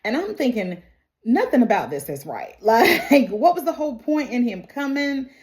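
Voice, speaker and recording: A woman's voice: a little high, sing-song, normal speed, darkish tone. A woman talks through a film's plot in a loose, chatty way. She laughs often and slips into the characters' lines as she goes. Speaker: movie reviewer. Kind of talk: casual movie recap.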